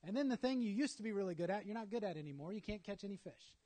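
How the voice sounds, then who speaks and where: High-voiced, animated male preacher. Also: very fast. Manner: animated, dramatic storytelling with acted asides. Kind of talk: sermon.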